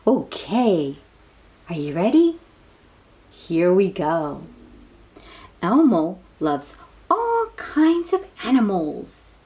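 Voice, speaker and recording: A woman reading a picture book aloud to toddlers, animated and sing-song and coaxing, sometimes dropping to soft whispers. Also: mid-range voice. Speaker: children's book reader.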